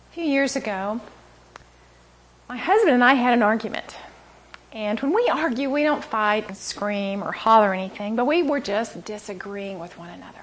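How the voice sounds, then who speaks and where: A woman teaching a sermon, telling stories with animated delivery and dropping into near-whispers for emphasis. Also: on the high side, breathy edge. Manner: animated storytelling, acting out quotes, dropping to a whisper. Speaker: Bible teacher. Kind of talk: sermon to a women's audience.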